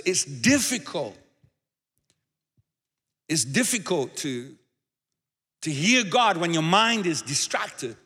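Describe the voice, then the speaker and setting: A man's voice: mid-range voice, sharp tone, long reverb tail. A man preaching a sermon as pastor, talking conversationally and repeating words as he goes. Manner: conversational, repeats words, shifts into acted quotes.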